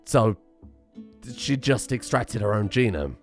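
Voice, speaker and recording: A man's voice: medium pitch, lively intonation, normal speed, faint music behind. A man doing video game commentary, rambling and exasperated, talking nonstop. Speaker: let's play host.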